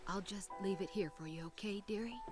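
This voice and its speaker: An actress playing a kindly neighbor woman who speaks gently in a video game. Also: medium pitch, brisk, soft background music, natural voice. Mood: gentle. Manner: gentle, motherly.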